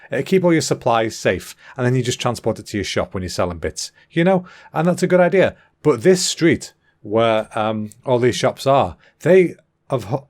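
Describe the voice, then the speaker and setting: Rambling, sweary English podcast host. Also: male voice, mid-range voice, darkish tone. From England. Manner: rambling, sweary, cheeky, self-interrupting. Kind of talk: rambling solo comedy monologue.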